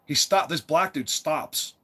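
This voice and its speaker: A man with a fairly high voice tells a long personal story to the camera. He talks emphatically and loosely, repeating words and restarting his sentences as he goes. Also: measured pace, pushed and bright, husky. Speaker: father telling a personal story. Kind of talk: rambling casual storytelling monologue.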